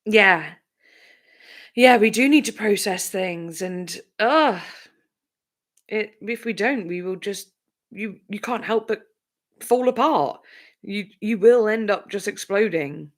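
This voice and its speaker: A woman's voice: mid-range voice, takes it slowly, long pauses. Tearful young woman chatting candidly. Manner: candid, rambling, frequent fillers, breaks into laughs and tearful bursts. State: emotional, close to tears. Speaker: livestream host chatting with viewers. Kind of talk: casual live chat.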